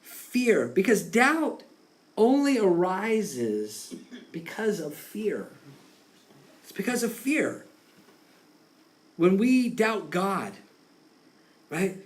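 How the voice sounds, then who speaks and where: Male pastor, casual animated sermon delivery, fairly high voice with lively pitch swings. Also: extremely slow, pauses often. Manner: conversational, animated, acts out quotes with laughs.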